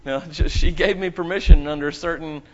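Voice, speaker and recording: A man's voice: a little high, steady tone, moderate pace, a little mellow, dull audio. A man serving as pastor in a church, leading a prayer and then telling a children's story with playful questions to the kids. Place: church sanctuary.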